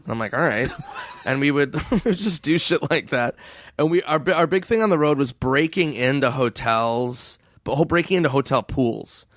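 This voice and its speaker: A man's voice: expressive, moderate pace, dry recording. Laughing storyteller man with a dry sound. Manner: laughing storyteller, voices quoted people in a high put-on pitch. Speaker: comedian guest. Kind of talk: casual storytelling.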